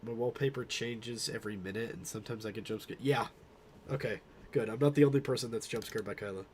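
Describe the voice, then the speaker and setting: A young man streaming himself presenting a meme slideshow in a mock-formal, pompous, drawn-out way. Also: fairly low pitch, a little mellow, slight background noise.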